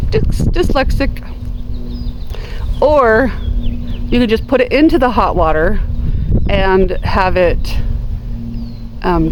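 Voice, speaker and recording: A woman's voice: medium pitch, noisy background. Chatty woman cutting flowers in her garden. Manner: chatty, gushing over flowers, talks to viewers while cutting. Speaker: gardening vlogger. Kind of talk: casual garden vlog talk. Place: outdoor home garden. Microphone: camera on a tripod.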